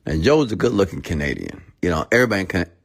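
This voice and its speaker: Deep-voiced man telling a motivational story. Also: racing, vocal fry. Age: 30s. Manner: animated, acts out both sides of a story. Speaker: motivational speaker.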